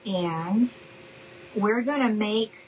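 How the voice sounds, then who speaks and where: Female craft-tutorial host, unhurried and chatty, keeps checking in with viewers, faint hum behind. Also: mid-range voice, low-quality recording. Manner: chatty, addresses viewers as y'all, checks in with okay?. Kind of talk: live crafting demonstration.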